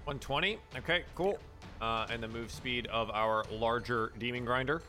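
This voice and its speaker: A man's voice: mid-range voice, normal speed, pushed and bright, faint music behind. A man narrating a tabletop game as game master, describing scenes and calling for dice rolls.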